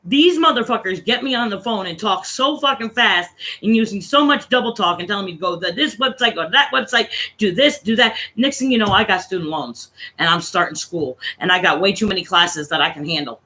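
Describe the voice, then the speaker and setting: A woman from Connecticut, USA, hosts her own livestream, venting in a casual, rambling, profane chat. Her mid-range voice is sharp, animated, and brisk.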